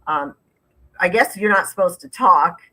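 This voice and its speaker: A woman's voice: fairly low pitch, lively intonation, a little slow, pushed and bright, rough recording. A woman hosting a casual discussion, talking in an emphatic, indignant way with sarcastic edges. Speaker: host.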